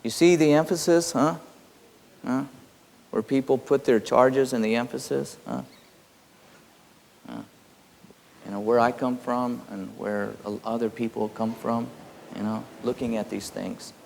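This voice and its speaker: A man giving a spiritual teaching, halting with many fillers and quietly intense. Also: medium pitch, fairly even intonation, creaky, a little hiss or hum. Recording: long hall reverb.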